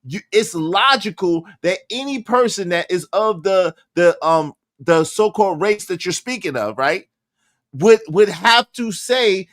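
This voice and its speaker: A man's voice: high voice, lively intonation, a little slow, fairly bright tone, dry recording, clean studio sound. A man hosting a live stream, arguing with a guest and greeting chat members by name. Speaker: livestream host. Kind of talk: casual live-stream debate.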